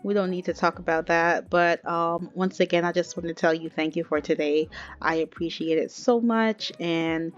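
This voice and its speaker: A woman's voice: fairly low pitch, steady tone, normal speed, dull audio, soft background music, natural voice. A woman voicing a young pregnant woman who is homesick, shy and self-conscious, in a casual chatty way. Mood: grateful.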